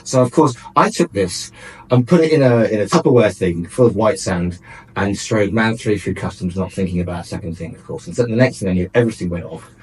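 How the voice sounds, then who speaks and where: A man's voice: fairly low pitch, expressive, fairly quick, darkish tone, slightly rough, rough recording. A man presenting a light-hearted radio chat, telling stories in a wry, joking way.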